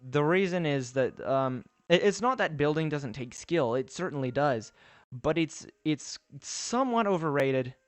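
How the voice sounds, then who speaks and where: A man's voice: fairly high pitch, lively intonation, measured pace, dry recording. A man chatting casually on a live stream while he builds, thinking aloud with restarts and answering his viewers' messages.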